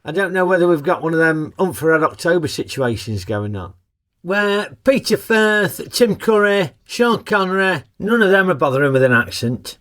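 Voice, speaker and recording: A man's voice: sits high, animated, moderate pace, a bit bright. A man narrating a comic film review in a cheeky, sarcastic, colloquial way.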